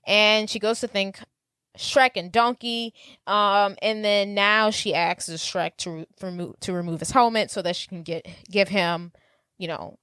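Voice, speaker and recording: A woman's voice: mid-range voice, a bit bright, smooth, no echo. A woman co-hosting a podcast, casually retelling a movie plot and quoting lines in character. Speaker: podcast co-host. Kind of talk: casual movie recap chat.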